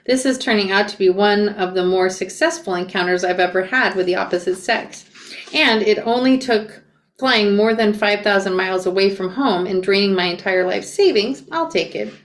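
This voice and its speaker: A woman reading a memoir aloud and breaking off for quick asides and self-corrections. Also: mid-range voice. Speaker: reader reacting to a memoir. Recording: roomy echo.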